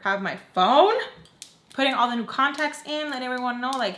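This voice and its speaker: A young woman in her twenties telling an emotional storytime for her vlog, animated and dropping in Spanish slang. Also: high voice, fairly quick, slight background noise. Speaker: vlogger. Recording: echoey room.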